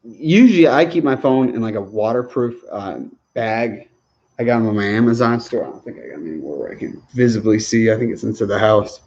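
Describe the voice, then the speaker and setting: A man's voice: lowish voice, animated, brisk, darkish tone, muffled recording. A man chatting casually on a livestream Q&A, rambling, chuckling often and restarting his sentences. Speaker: livestream host answering viewer questions.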